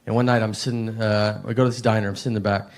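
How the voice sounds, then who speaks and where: A man with a Tennessee accent telling stand-up stories in a deadpan, understated drawl with frequent filler words. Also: lowish voice, rapid-fire. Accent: Southern US, Tennessee. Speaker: stand-up comedian. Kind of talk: stand-up comedy storytelling.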